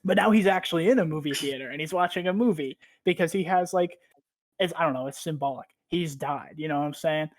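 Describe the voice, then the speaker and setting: A man's voice: on the high side, fast talker, no echo. Rambling, profane podcast host, a man. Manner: rambling, profane, heavy use of "like". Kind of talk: casual story recap.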